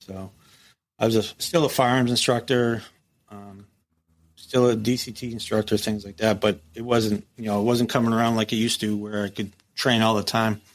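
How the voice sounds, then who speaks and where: Man, middle-aged, ex-corrections officer, casual interview, profane, animated storyteller. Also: fairly low pitch, normal speed. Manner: animated, profane, acts out quoted dialogue. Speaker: interview guest, former prison captain.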